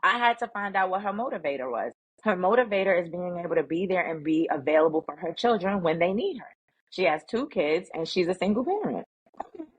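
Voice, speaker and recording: A middle-aged woman, a guest speaker, telling workplace stories in an animated, emphatic way and acting out the quoted talk. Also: lowish voice, fairly quick, breathy edge, low-quality recording. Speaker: guest, emotional intelligence speaker. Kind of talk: conversational storytelling.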